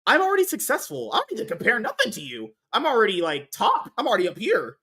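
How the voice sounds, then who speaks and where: Guy hosting a podcast, rambly and sweary, voice jumps all over, bit high. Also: huge pitch swings, fast, pushed and bright, husky. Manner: rambling, swears a lot, frequent restarts. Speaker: podcast host. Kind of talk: casual podcast chat.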